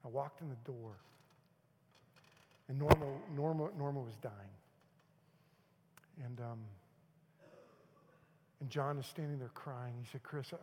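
A middle-aged male pastor telling a personal story in a sermon, moving from loud urging to hushed, near-whispered moments. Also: medium pitch, steady tone, a little slow, pauses often, background noise. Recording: long hall reverb.

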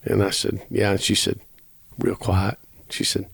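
A man's voice: sits low, monotone, measured pace, creaky, slightly rough, dry recording, clean studio sound. A man, telling a long personal story as a podcast guest, earnest and rambling, acting out the dialogue as he goes. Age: 50s. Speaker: musician guest.

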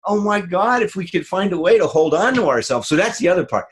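Casting: husky male co-host, swooping animated delivery. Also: fast. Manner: animated, acts out quoted voices with big pitch jumps. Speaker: therapist podcast co-host. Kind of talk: casual conversation.

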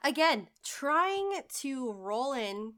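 Bright, lively woman co-host chiming in. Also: sits high. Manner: laughs often, quick reactive interjections. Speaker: podcast co-host. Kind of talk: casual recap chat.

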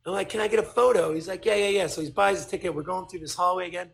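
Man, high gravelly voice, animated storyteller, swears a lot. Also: racing. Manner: animated, swearing, acts out quotes. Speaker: podcast guest. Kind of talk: casual storytelling chat.

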